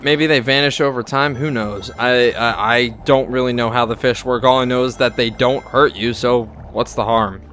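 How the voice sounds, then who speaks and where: A young man giving casual let's-play commentary, rambling and halting with lots of fillers and restarts. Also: medium pitch, fairly even intonation, fairly bright tone. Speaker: gameplay commentator.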